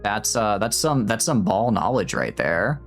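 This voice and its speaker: A man streaming a strategy game, chatting in an animated, rambling, self-mocking way. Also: on the low side, measured pace, faint music behind. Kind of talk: casual gameplay commentary.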